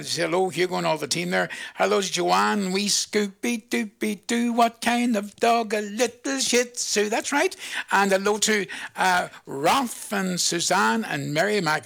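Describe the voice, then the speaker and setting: Northern Irish male radio host, high gravelly voice, chatty shout-out patter. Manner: chatty, rambling patter full of greetings. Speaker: radio presenter. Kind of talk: live radio chat with listener shout-outs.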